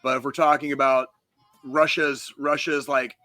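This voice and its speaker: Man, podcast co-host, bright forceful tone, fast swearing rants, music faint behind. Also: mid-range voice, little pitch movement, no echo. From United States. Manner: profane, heated ranting. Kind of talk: casual podcast chat.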